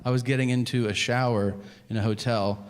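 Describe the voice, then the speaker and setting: A man in his forties doing a profane, deadpan stand-up routine and acting out his exchanges with strangers. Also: mid-range voice, fairly quick, clear, resonant tone. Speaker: stand-up comedian. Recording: live stage mic over crowd laughter. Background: audience laughter.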